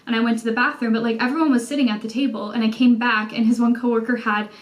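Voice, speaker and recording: A young Canadian woman vlogging a casual storytime from home, chatty and animated, full of "like" fillers. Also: on the high side, quick pace. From Canada, Toronto. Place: indoors at home by a window.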